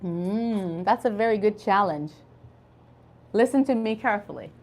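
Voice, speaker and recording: A woman's voice: medium pitch, lively intonation, measured pace. A woman teaching an online English conversation class, patiently spelling out words and drilling pronunciation.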